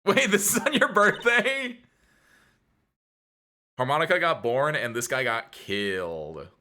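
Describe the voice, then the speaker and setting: Excitable young man streaming a game. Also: a little high, measured pace. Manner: excitable, laughing reactions, casual swearing. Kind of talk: live gameplay commentary. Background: game music.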